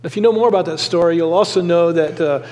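Middle-aged pastor preaching in reverberant sanctuary. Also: male voice, a little high, fast talker, darkish tone. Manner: earnest storytelling with occasional fillers. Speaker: lead pastor. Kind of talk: sermon. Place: church sanctuary. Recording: long hall reverb.

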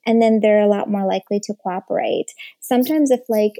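A woman's voice: medium pitch, steady tone, a little fast. A woman giving casual, encouraging parenting advice, full of fillers and little acted-out examples. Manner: warm encouraging, many fillers.

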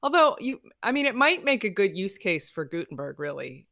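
A woman's voice: mid-range voice, big pitch swings, a little fast, a bit bright, no echo, studio quality. A woman co-hosting a casual technical chat on a video call, talking enthusiastically and piling up examples with lots of fillers. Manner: chatty, enthusiastic, piles on examples with many fillers.

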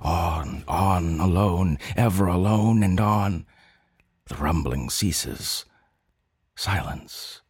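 A man narrating a scripted story for a podcast in a hushed, intimate way. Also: low-pitched, drawn-out words, husky, no echo. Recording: music playing behind.

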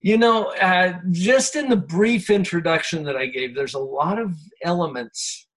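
A man's voice: sits high, unhurried. A man hosting a radio interview show, introducing his guest. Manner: warmly introducing, brief affirmations.

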